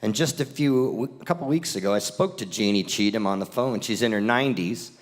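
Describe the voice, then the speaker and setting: A man introducing a speaker at an awards ceremony with lively, animated storytelling. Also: lowish voice, a little fast. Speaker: ceremony emcee.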